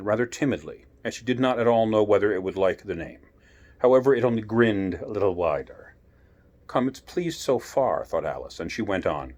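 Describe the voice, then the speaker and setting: A man reading a children's classic aloud as a bedtime story, gentle and unhurried, adding asides to the listener. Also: fairly low pitch.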